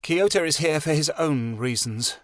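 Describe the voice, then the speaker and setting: A man voicing a grown woman, a steady and wry friend who talks calmly and dryly. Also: fairly high pitch, moderate pace, dry recording, clean studio sound, voice pushed up, lightly acted.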